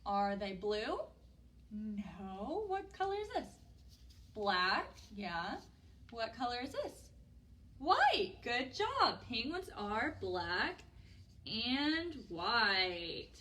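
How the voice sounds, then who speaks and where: Speaking very slowly in a voice on the high side, a young woman hosts story time for small children. She is playful and over-the-top, bright and lively, and leads them in a singalong as part of a preschool lesson.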